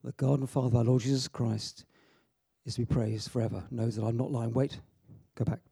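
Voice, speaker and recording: A man's voice: medium pitch, flat delivery, a little fast, creaky, mellow, breathy edge, no room sound, clean studio sound. A man giving an informal, joking sermon with frequent asides and restarts. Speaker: preacher. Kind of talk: informal sermon to a youth audience.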